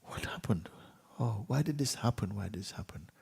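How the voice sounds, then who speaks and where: A man's voice: lively intonation, normal speed, vocal fry, husky, whispered, exaggerated voice. A man playing a wailing, furious plump king. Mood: anguished. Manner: high anguished cries, then angry shouts. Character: plump injured king, upset and angry.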